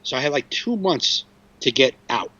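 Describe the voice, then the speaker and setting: A man's voice: medium pitch, expressive, normal speed, bright, forceful tone, muffled recording, slight background noise. A man in his forties, a comedian hosting a podcast, telling a story casually with restarts and swearing. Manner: rambling, frequent restarts and swearing.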